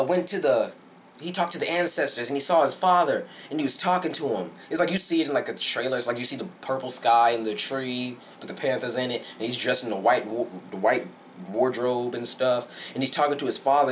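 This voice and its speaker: Excited rambling young man. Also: medium pitch, a little hiss or hum. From Southern United States. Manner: excited, rambling, repeats himself. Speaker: movie reviewer. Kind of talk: casual movie review.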